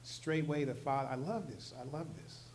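A man preaching a sermon in a casual, slangy way, swinging from loud, emphatic stretches to soft, low asides. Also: moderate pace, a little hiss or hum. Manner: conversational, slangy, with short emphatic repeats. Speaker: pastor.

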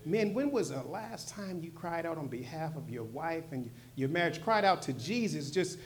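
A man preaching a sermon in a casual, slangy way, swinging from loud, emphatic stretches to soft, low asides. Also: lively intonation, normal speed, a little hiss or hum. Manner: conversational, slangy, with short emphatic repeats. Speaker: pastor.

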